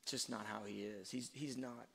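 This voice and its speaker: A man giving a sermon-like talk on faith and parenting, telling stories slowly and reflectively, with fillers and restarts. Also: medium pitch, fairly even intonation, creaky, slightly rough. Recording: long hall reverb.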